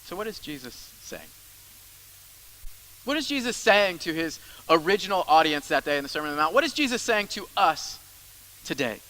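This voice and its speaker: Bright-voiced male pastor preaching. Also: fairly high pitch, big pitch swings, moderate pace, pauses often, a little hiss or hum, poor audio. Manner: conversational preaching with many asides and repetitions. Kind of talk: sermon.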